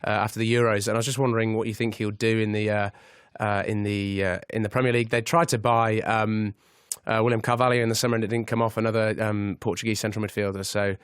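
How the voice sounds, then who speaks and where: Young man, student caller, quick and filler-heavy, smooth clear voice, dry sound. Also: lowish voice, little pitch movement, dry recording. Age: young adult. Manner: shy, many filler sounds. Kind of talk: phone-in caller.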